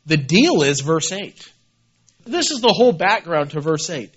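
A man preaching a sermon as pastor, animated, swinging between loud emphasis and quiet asides and repeating key words. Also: on the high side, measured pace, slightly rough, lo-fi sound.

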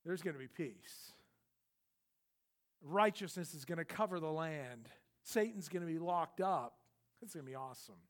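A man preaching an expository sermon in a conversational way, swinging from loud emphatic bursts to hushed intensity. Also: high-pitched. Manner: conversational, repeats words when restarting. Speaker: pastor.

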